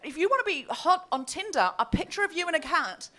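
A woman hosts a live comedy show on stage and tells a funny story. Her voice is high and bright, and it swoops up and down as she acts out silly messages in put-on voices, laughing along the way. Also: fairly quick. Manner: animated, laughing, quoting messages in mock voices. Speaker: podcast co-host telling a story.

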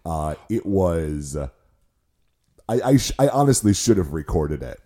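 An American podcast co-host with a very low, hoarse voice roughened by a cold. His tone is dark and mellow, and he keeps the talk relaxed and jokey. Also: measured pace. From United States. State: hoarse, deep sick voice. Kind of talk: casual chat.

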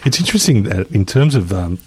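A man's voice: fairly low pitch, sing-song, a little fast, darkish tone, husky. A man hosting a podcast interview, enthusiastic and often chiming in with short agreements. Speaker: podcast host. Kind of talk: casual interview conversation.

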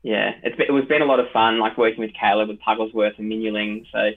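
A man's voice: lowish voice, level tone, fast talker, a little hiss or hum. A tired man chatting casually as a dungeon master, rambling with lots of fillers and restarts. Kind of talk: casual podcast chat. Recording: tinny phone-like line.

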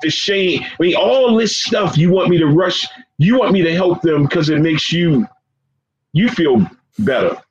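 A man being interviewed as a guest, speaking earnestly and with deep emotion, often repeating phrases and calling his listener "man.". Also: animated, unhurried. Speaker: guest, professor and founder of a forgiveness organization. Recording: dull lo-fi sound with faint background noise.

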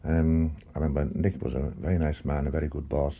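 A man's voice: rumbling low, level tone, quick pace, vocal fry, phone-quality sound. A man plainly recalling travel and daily routines with a touring company, in a matter-of-fact way. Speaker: former touring actor. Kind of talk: reminiscing.

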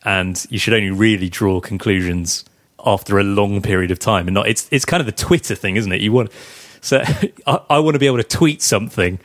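Chatty low-voiced man. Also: fairly quick, dry recording, studio quality. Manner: chatty, teasing, laughs while talking. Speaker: podcast co-host. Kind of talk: casual cricket chat.

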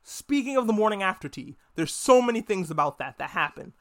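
High-voiced man in a profane, joking recap. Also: sing-song, fairly bright tone. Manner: profane, joking, acts out characters in quick voices. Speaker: podcast host reviewing a TV episode. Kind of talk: casual recap with acted-out quotes.

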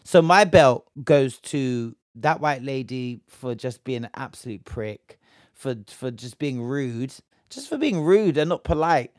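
A man's voice: medium pitch, lively intonation, measured pace, dry recording, clean studio sound. A young British man from Bristol giving a heated, slang-filled commentary rant, indignant and emphatic. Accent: British English. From Bristol, England.

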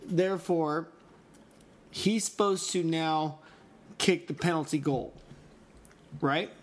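A man with a voice a little above the usual pitch asks pointed questions in casual chat. He lays out hypotheticals step by step and keeps checking for agreement. His tone is conversational and curious. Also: slow pace. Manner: questioning, seeks confirmation with "right?".

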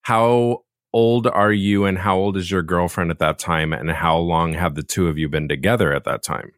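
A man with a very low voice asks questions and offers short, encouraging reactions. The sound is dry and close to the mic. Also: steady tone, moderate pace, clean tone, no room sound. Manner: brief and encouraging. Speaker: interviewer. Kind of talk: casual podcast interview.

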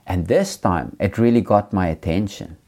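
A low-voiced man from Africa preaches and tells a personal testimony. He speaks earnestly and without hurry, circling back over his own words as he goes. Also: moderate pace, mellow.

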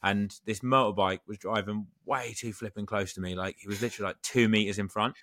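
Bright-voiced teasing man. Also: lowish voice, steady tone. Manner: teasing, banter, quick jokes. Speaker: podcast co-host. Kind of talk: casual chat.

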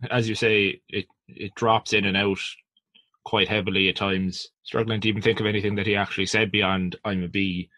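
Bright, low-voiced man chatting. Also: level tone, fairly quick, no room sound. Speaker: podcast co-host. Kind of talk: casual chat.

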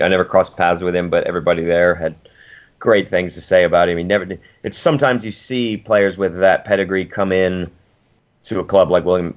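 A man who played football, talking as a guest in a measured, earnest way. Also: deep voice. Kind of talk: casual conversation. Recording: dull lo-fi sound.

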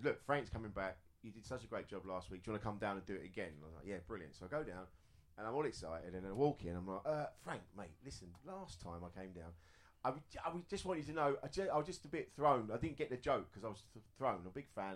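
Middle-aged male comic, rambling anecdote style, lively swings in pitch. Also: quick pace. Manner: rambling anecdotal storytelling, laughing at his own jokes. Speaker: comedian and house player. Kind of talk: live comedy panel banter. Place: live venue with audience.

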